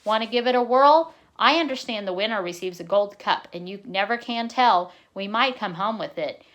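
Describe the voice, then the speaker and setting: A woman reading aloud, giving voice to a kindly old grandfather who coaxes warmly and bursts into excited near-shouts. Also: mid-range voice, normal speed, natural voice. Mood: earnest.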